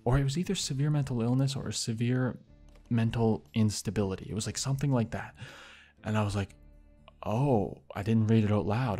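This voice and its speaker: A man's voice: on the low side, moderate pace, warm tone, soft background music. A young man casually telling a story about an odd neighbor, swearing often and muttering asides.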